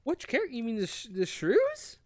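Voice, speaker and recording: A podcast co-host retelling a childhood fantasy book in casual chat, swearing freely and acting out the characters. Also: male voice, extremely high pitch, fairly quick, no echo. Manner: animated storyteller, swears often, acts out characters.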